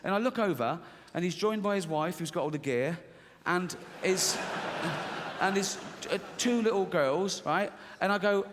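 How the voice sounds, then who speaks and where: A middle-aged stand-up from England tells a story in a high, slightly bright voice with lively intonation, going a little slowly but with few pauses. He acts out voices in his head and laughs at his own gags. The reverberant stage recording from a large venue carries a little hiss or hum.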